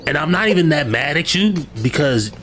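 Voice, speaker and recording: A man's voice: on the high side, very animated, fairly quick, a bit bright, a little hiss or hum. Slangy man doing reaction commentary. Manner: slangy, teasing, says "bruh" often. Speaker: reaction video host.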